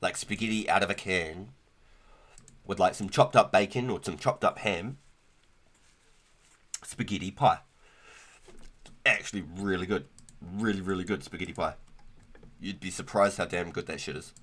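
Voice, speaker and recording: A young man rambles casually on a gaming livestream, laid-back and slangy, saying "bro" and "like" a lot. His deep voice moves at normal speed, fairly bright in tone, with frequent pauses.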